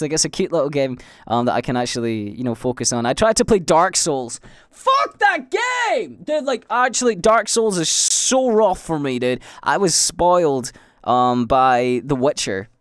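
A man's voice: mid-range voice, expressive, normal speed, smooth, no echo, studio quality. Rambling Scottish man on a podcast. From Scotland. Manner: rambling, frequent fillers and restarts, swears freely. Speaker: podcast host and livestreamer. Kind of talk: casual solo podcast monologue.

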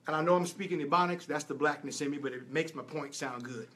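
Bright high-voiced man preaching. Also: very animated, quick pace, few pauses, slight background noise. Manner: emphatic storytelling, rising and falling with repetitions. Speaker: apostle and preacher. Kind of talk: sermon teaching with testimony.

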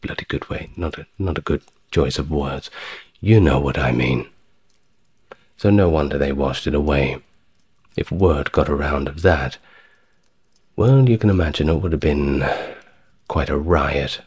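A man giving a calm, soft-spoken ASMR history narration, measured and steady, with wry conversational asides. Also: a bass voice, husky.

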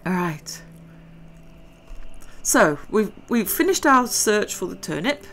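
A woman's voice: mid-range voice, sing-song, takes it slowly, fairly bright tone, a little hiss or hum. A middle-aged woman, chatting and giggling her way through a let's-play game session. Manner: chatty, rambling, giggly asides. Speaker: gaming video host. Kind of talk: casual let's-play commentary.

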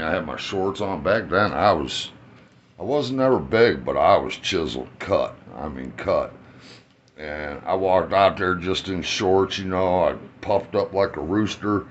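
A man's voice: sits low, a little hiss or hum. A middle-aged man telling rambling, profane stories about his family in a casual vlog, laughing at his own jokes. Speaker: vlogger telling life stories. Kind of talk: casual storytelling. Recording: dull lo-fi sound with faint ambience.

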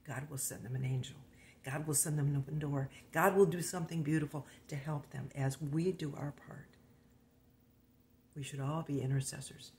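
An older woman pastor giving an earnest, informal sermon, often dropping to a hushed, breathy near-whisper. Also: deep voice, steady tone, moderate pace, a little hiss or hum.

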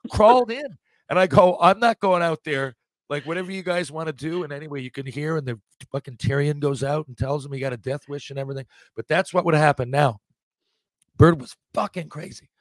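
Casually rambling through profane anecdotes, a podcast guest in his forties speaks fairly quickly in a slightly high voice. There's no room sound on the recording.

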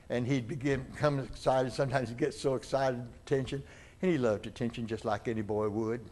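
An older male pastor preaching in a church, in a middle-range voice. He tells a story and slips into the voices of its people, getting louder or softer with the feeling of each moment. The telling is unhurried and plain. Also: mid-range voice. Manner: acts out dialogue in the story, with rises and falls in loudness. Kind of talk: sermon storytelling. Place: church sanctuary.

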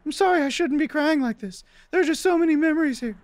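A man's voice: very high voice, fast, dry recording, voice pushed up. A man voicing a frail, nervous elderly woman who stammers and pleads, reading game dialogue aloud. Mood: pleading.

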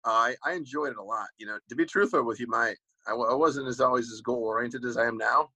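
Husky, forceful man telling rambling stories. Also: medium pitch, fast, dry recording, poor audio. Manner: rambling storyteller, many "you know" fillers and restarts. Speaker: guest, former pro football player. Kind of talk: casual interview talk.

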